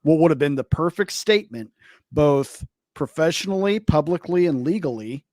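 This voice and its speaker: A man's voice: a little high, animated, moderate pace, a little mellow, no room sound, clean studio sound. A man co-hosting a podcast, explaining his reasoning in a rambling way. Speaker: podcast co-host. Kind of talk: casual commentary chat.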